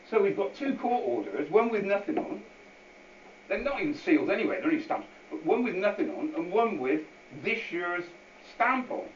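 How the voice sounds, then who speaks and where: A man with a fairly high voice gives an unscripted talk to a meeting audience, rambling from point to point and repeating himself. He is picked up from across an echoey hall. The sound is dull and carries a faint hiss. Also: very animated, normal speed, recorded from a distance. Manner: rambling and repetitive, with many asides. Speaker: guest speaker at a public meeting.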